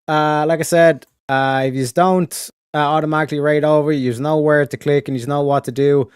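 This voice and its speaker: A man streaming live, chatting casually to his viewers in slangy, relaxed speech. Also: a little high, a little fast, hardly any pauses, smooth, no echo, clean studio sound.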